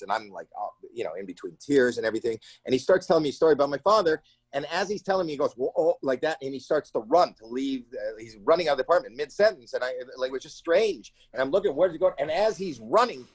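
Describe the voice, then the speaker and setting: A man telling a story on an interview show in an animated, theatrical way, acting out each person with sudden high cries. His voice sits in a mid range and is recorded close and dry, with no room around it. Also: dry recording. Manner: animated, acts out the people in his stories with sudden shrill cries. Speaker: comedian guest. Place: home.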